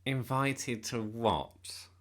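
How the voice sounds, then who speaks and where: A man voicing a sneering schoolboy bully in a storybook, in a slow drawl. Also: low-pitched, lively intonation, creaky, sharp tone, exaggerated voice.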